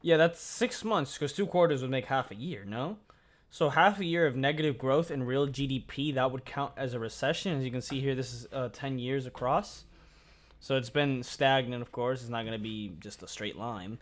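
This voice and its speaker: A man hosting a reaction channel, chatting casually, swearing often and thinking out loud. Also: mid-range voice, moderate pace. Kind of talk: casual video reaction commentary.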